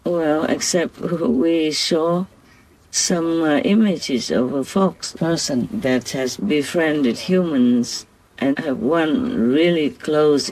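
A man speaking as a spiritual teacher in a gentle, earnest, devotional way. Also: fairly high pitch, poor audio. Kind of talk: slow devotional talk.

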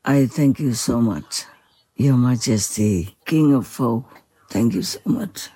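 A humble, reverent spiritual teacher in a devotional spoken dialogue, soft-spoken with gentle laughs and a slightly strained voice. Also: medium pitch, lively intonation, takes it slowly, slightly rough, poor audio. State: voice a little strained.

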